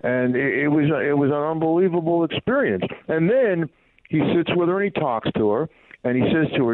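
A man's voice: mid-range voice, brisk, no room sound. Man telling stories over a tinny phone line. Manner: rambling anecdotes full of "you know" fillers. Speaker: former baseball team PR manager, guest. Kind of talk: phone interview storytelling.

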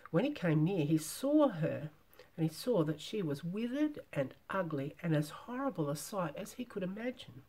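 A woman softly reading an old storybook aloud in a whispered role-play, with gentle whispered asides. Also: lowish voice, big pitch swings, normal speed, slightly rough. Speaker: storybook reader.

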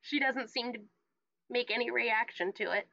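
A woman narrating a tabletop horror game as game master, halting with many restarts and quick laughs. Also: fairly high pitch, vocal fry, bright, forceful tone, no room sound, highs cut off.

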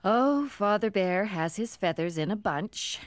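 A woman voicing Mother Bear, a calm and patient mother bear who explains things gently. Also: medium pitch, a little slow, music in the background, close to an everyday voice.

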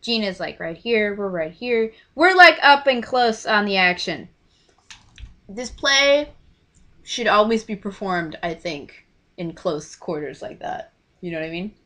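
A young woman telling a story to camera in a casual, gushing way, often trailing off into quiet asides. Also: medium pitch, expressive, measured pace. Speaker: vlogger.

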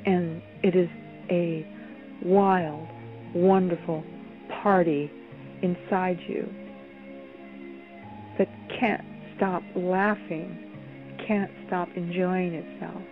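A woman radio host leading a playful guided meditation, often halting and repeating words. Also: lowish voice, steady tone. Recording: phone-line radio call, faint music.

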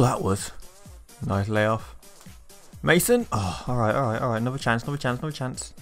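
A young man talks over his football game, cheering and groaning at his players as his pitch leaps around. He sounds excitable and chatty. Faint game music plays underneath. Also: brisk. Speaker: gaming YouTuber. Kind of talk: live gameplay commentary.

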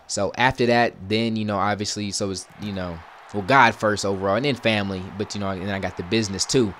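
A young man with a slightly low voice talks casually over a football video game, chatty and relaxed with his audience. He often erupts into loud, exasperated yelling at the plays. A faint hiss of noise sits under the recording. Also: fast. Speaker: gaming YouTuber. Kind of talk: casual gameplay commentary.

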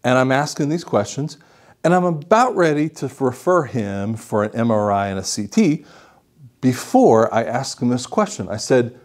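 A male audiologist explaining a patient case as a lively story, acting out what the patient said. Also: mid-range voice, moderate pace. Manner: animated storytelling, acts out the patient's lines.

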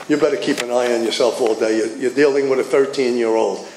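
An older man, telling his personal recovery story at a meeting with animated storytelling, acting out the dialogue. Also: medium pitch, fast. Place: meeting hall. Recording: echoey room with faint noise.

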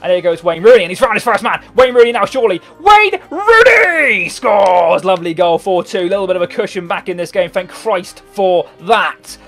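A man in his twenties giving excitable live gameplay commentary, swearing often and bursting into shouts. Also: high voice, quick pace, few pauses. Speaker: gaming YouTuber. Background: faint background music.

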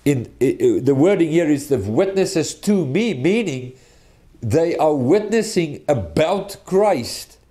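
A man preaching a teaching sermon with a mellow, relaxed tone. He speaks earnestly and deliberately, often restarting his phrases as he works through a point. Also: a little high.

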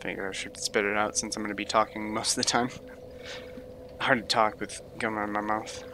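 A man's voice: fairly low pitch, little pitch movement, fairly quick, noisy background. A young man casually commenting on his own gameplay as a streamer, laid-back and grumbling with swears at opponents. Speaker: game streamer. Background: game music.

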